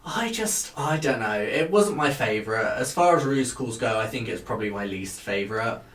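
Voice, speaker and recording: A man's voice: medium pitch, lively intonation, moderate pace, fairly bright tone. Chatty guy hosting a casual show, middling voice, lots of ums, echoey room. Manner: chatty, hesitant, lots of fillers. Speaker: podcast host reviewing a TV show. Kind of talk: casual chat.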